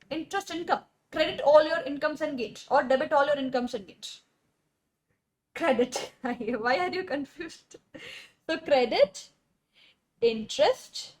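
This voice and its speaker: Lady teaching accounts in class, high voice, repeats stuff, keeps asking students questions. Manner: animated, repeats key terms, quizzes students. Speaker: accountancy lecturer. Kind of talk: classroom lecture.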